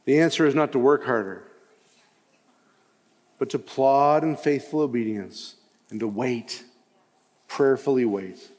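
A man preaching a sermon as pastor, impassioned and rising to loud emphatic cries. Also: medium pitch, unhurried, long pauses. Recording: long hall reverb.

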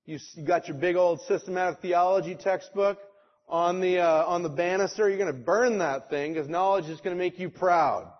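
Emphatic pastor preaching, high voice. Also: male voice, normal speed. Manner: emphatic, rhetorical, mocking voices he quotes. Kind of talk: sermon. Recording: dull lo-fi sound.

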